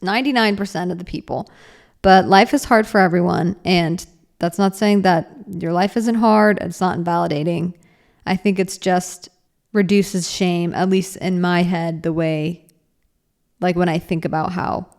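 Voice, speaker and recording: A woman's voice: lowish voice, a little mellow. A young woman hosting a solo podcast, talking in a rambling, earnest way with lots of fillers. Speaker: podcast host. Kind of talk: casual reflective solo podcast.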